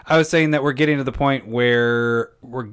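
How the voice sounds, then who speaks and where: A male podcast co-host with a middle-pitched voice talks in a loose, joking way. He laughs easily and wraps up the episode in casual chat. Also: steady tone, moderate pace, a bit bright, clear, resonant tone.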